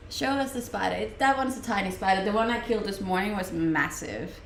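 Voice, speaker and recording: With a Danish accent, a young woman from Denmark streams from her home, chatting casually, answering viewer questions and laughing often. Her mid-range voice moves briskly. The roomy home-mic recording has a little hiss or hum.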